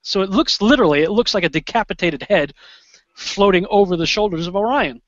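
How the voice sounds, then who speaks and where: Animated man telling a story, lo-fi. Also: high-pitched, a little fast, no echo. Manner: animated, excitable, with restarts and quoted asides. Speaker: interview guest. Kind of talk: conversational storytelling. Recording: dull lo-fi sound.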